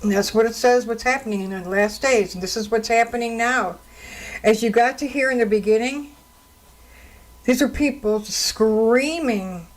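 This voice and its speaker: A woman's voice: a little high, normal speed, rough recording. A woman radio host and counselor talking on her own into a studio microphone, telling stories in an indignant, conversational way. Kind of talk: solo radio talk commentary.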